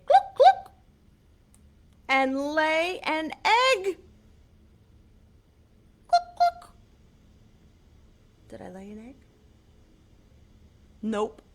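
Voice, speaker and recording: A woman librarian reading a picture book aloud to small children, animated and coaxing, asking them questions, recorded on a webcam. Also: medium pitch. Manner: animated, sing-song, coaxing questions to kids.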